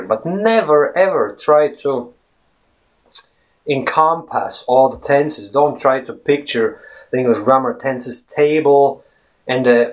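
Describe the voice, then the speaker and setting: A man giving a casual English lesson, talking straight to viewers as friends and rephrasing his points as he goes. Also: medium pitch. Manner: chatty, repeats and rephrases points. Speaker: English teacher. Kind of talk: casual teaching monologue.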